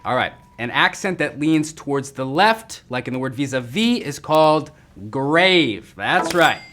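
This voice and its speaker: A man hosting a live trivia game, excitable and jokey with quick banter between questions. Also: on the high side, a little hiss or hum. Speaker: game show host.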